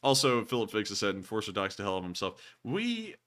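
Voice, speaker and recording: A young man in his twenties with a Southern US accent, co-hosting a casual livestream and answering viewer questions, jokey and quick to laugh. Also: on the low side. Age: 20s. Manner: jokey, excitable, laughs often. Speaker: co-host of a war news show. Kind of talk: casual livestream chat answering super chats.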